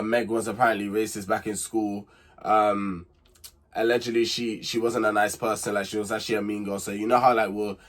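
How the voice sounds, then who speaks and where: A man's voice: medium pitch, a bit bright, husky. A young man hosts a casual reality TV recap, chatty and candid, repeating himself and getting emphatic when he gives his opinions.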